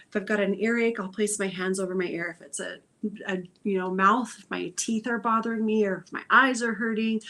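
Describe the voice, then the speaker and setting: Hosting a spiritual livestream as an intuitive healer, a woman speaks softly at a medium pitch. She meanders and repeats phrases in a meditative way, often sighing and whispering.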